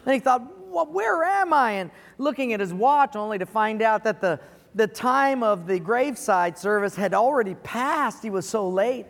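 A man with a high voice preaches to his congregation, drawing listeners in with an earnest story. His sermon fills a large auditorium, and each phrase trails off into a long hall reverb. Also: normal speed. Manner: earnest, storytelling, chuckles at his own punchline. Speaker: pastor.

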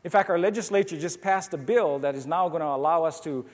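A man's voice: fairly high pitch, fast talker, long reverb tail. A man preaching a sermon who reads scripture aloud and tells stories to make his point. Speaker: pastor.

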